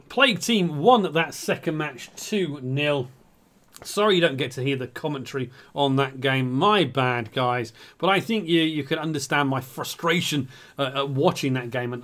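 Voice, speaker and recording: This man's mid-range voice has a slight brightness as he hosts a stream and commentates a live online tank match. An esports caster, he sounds flustered and apologetic, poking fun at himself.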